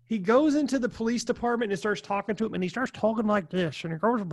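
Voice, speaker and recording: A man co-hosting a casual film podcast, telling rambling, excitable stories. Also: very high voice, very fast, few pauses. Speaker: podcast co-host.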